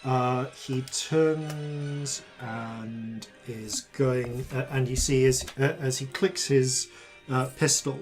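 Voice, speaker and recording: A man narrating as dungeon master, halting and full of fillers and self-corrections. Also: mid-range voice, steady tone, faint music behind. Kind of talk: narrating a tabletop game.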